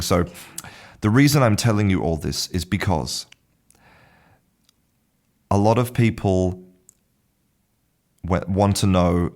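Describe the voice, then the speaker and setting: Low-voiced man explaining pronunciation. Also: a little mellow. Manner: thinking aloud, restarts phrases, chuckles at own ideas. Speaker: pronunciation teacher and podcast host. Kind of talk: casual explanatory monologue.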